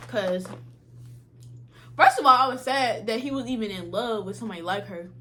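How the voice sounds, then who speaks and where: A young woman vlogger telling a casual storytime, slangy and animated, acting out what others said. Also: a little high, moderate pace, slight background noise. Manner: animated, slangy, acts out quotes.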